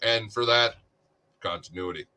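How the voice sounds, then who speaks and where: A man's voice: on the low side, moderate pace, pushed and bright, pitched below the performer's own voice. A man mimicking an evasive team executive who gives bland excuses at a press conference. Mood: excusing.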